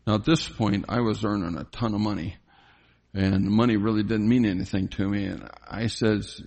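An older man giving a reflective personal faith testimony, telling his story slowly with frequent pauses and fillers. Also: on the low side, steady tone, a little mellow. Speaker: testimony speaker.

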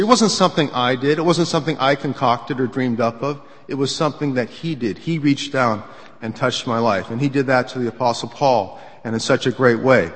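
A man delivering a sermon in an earnest, conversational style, pausing often on small fillers. His voice sits at an ordinary middle pitch. It rings with the long reverb of a large hall. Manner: earnest, conversational preaching with frequent "uh" fillers and personal testimony. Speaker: preacher.

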